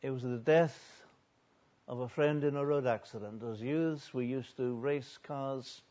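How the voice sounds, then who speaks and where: A man preaching a sermon earnestly, building loud on repeated lists and then dropping low and quiet. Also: a little slow, muffled recording.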